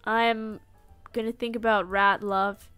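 A woman's voice: mid-range voice, flat delivery, slow pace, a bit bright, smooth, soft background music. A young woman streaming a game live, playful and dramatic, swinging from mock-solemn to giddy squeals.

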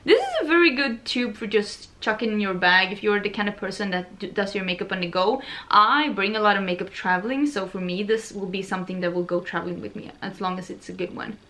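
A young woman from Sweden chatting excitedly as she unboxes beauty products for her vlog, gushing and chatty. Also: mid-range voice, a little fast, few pauses, a little hiss or hum. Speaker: beauty vlogger.

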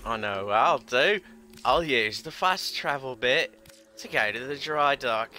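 A man's voice: mid-range voice, lively intonation, a little slow, a little hiss or hum. A man, commentating on his gameplay with lots of swearing, outbursts and sarcastic jokes. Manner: sweary, loud bursts of outrage and laughter. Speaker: gaming streamer. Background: game sounds.

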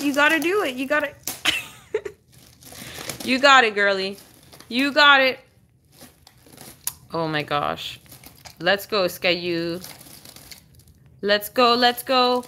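A young woman hosting a casual livestream, cooing and encouraging her dog and swinging up high when she praises it. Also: lively intonation, takes it slowly, long pauses, bright, forceful tone, slight background noise.

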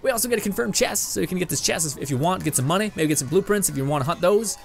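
A young man from Canada rambles through his gameplay commentary, his voice set a little higher than most men's. He laughs easily and swears without a thought. Faint music plays underneath. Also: animated, very fast, vocal fry. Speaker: gaming video host. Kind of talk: casual let's-play commentary. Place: home room with green screen and lights.

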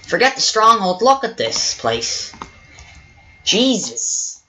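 A woman hosting a let's play video, giving excitable gameplay commentary full of exclamations and swearing. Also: medium pitch, slow pace, pauses often, background noise.

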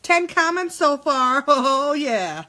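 A woman in her thirties chatting through a casual live makeup tutorial, jokey and quick to swear. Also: high-pitched, very animated, pushed and bright. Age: 30s.

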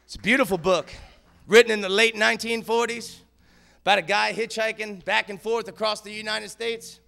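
A male comedian spinning loose, rambling stories from a stage, forever tacking "man" onto the end of a line. His voice sits high for a man and has a gravelly edge. The tone is bright and sharp. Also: steady tone, normal speed. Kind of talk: stand-up storytelling. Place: theater stage.

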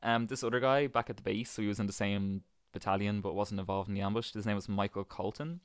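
A man's voice: on the low side, fast, clean tone. A young man with a Dublin accent, co-hosting a podcast and telling a story casually. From Dublin, Ireland. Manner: relaxed storytelling with swearing. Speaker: podcast host.

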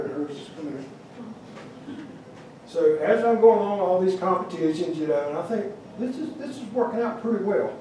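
This is a wildlife carver lecturing at a museum, spinning a humorous, wandering story about his carving with frequent restarts. He sounds slightly high-pitched and somewhat mellow. A light hiss or hum runs underneath, the mic is distant, and the space is echoey.

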